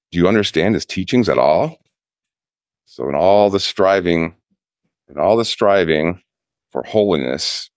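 Very deep-voiced man giving a dharma talk. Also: dry recording, clean studio sound. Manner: slow, measured storytelling with pauses. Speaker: Zen priest.

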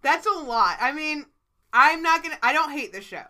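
A woman's voice: sits high, expressive, moderate pace, bright, forceful tone. A woman co-hosting a casual chat podcast, talking freely with plenty of swearing and laughter. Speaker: podcast co-host.

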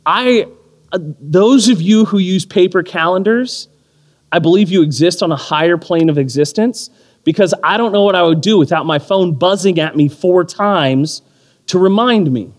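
Man, 30s, pastor; lively, self-mocking sermon storyteller, slightly high voice, long hall reverb. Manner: animated storytelling with self-deprecating humor. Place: church or community hall.

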